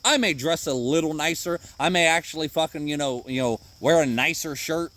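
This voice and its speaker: A man's voice: fairly high pitch, fairly quick, a bit bright. A man hosting a podcast, giving a rambling, profane motivational monologue outdoors in the woods in the rain. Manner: rambling and profane, swears often, jokes at himself. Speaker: podcast host.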